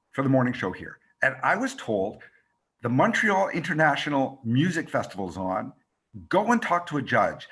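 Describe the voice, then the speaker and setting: Animated husky man telling a story. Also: medium pitch. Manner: fast, expressive, acts out quotes. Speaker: radio reporter and documentary maker teaching a workshop. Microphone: video call.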